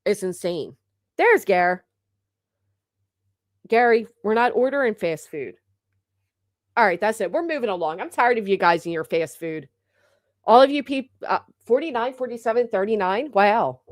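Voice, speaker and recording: Brief: thirties woman, live-stream host, mid-pitched, brash and chatty, swears, teases the chat; close, dry recording. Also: expressive, moderate pace, long pauses, no room sound. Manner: brash, chatty, swears freely, teasing viewers. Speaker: livestream host. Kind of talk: casual live-chat banter.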